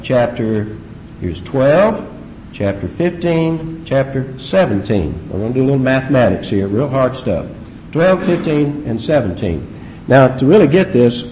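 A man preaching a verse-by-verse sermon as pastor, emphatic and animated, with rhetorical questions to his listeners. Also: mid-range voice, a little hiss or hum. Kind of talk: expository sermon. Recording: dull lo-fi recording.

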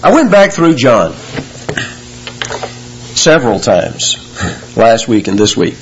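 A man preaching a sermon, explaining scripture verse by verse and rising in pitch and force on key words. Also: big pitch swings, slow, highs cut off, a little hiss or hum. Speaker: pastor.

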